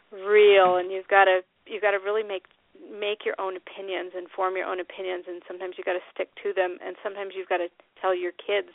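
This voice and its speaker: A woman's voice: medium pitch, dry recording. A bubbly Midwestern woman hosts a casual chat over a tinny phone line, her voice sounding dry and close. She laughs easily, trails off and restarts her thoughts as she goes. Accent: Midwestern American. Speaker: host.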